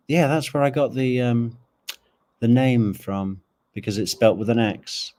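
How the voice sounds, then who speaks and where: A man from Europe, live-streaming casual commentary and chatting with his viewers in a halting way with fillers. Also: fairly low pitch, darkish tone. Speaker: true crime streamer.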